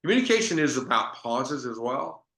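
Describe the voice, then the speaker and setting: A man's voice: mid-range voice, very animated, normal speed, a bit bright, reverberant. A man giving a business sales training talk, telling stories in a conversational way with frequent restarts.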